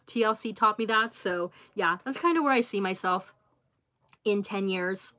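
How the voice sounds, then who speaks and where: A woman's voice: lowish voice, normal speed. Woman in her twenties, livestream host, casual and chatty, reads out viewer comments, lots of ums. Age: 20s. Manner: chatty and expressive, many fillers, reads viewer comments aloud. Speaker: YouTuber hosting a livestream.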